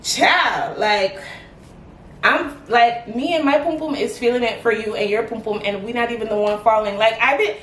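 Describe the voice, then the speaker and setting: A young adult woman chatting to camera in a casual vlog, animated and quick with "like" fillers. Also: fairly high pitch, slight background noise. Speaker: vlogger. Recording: echoey room, mic at a distance.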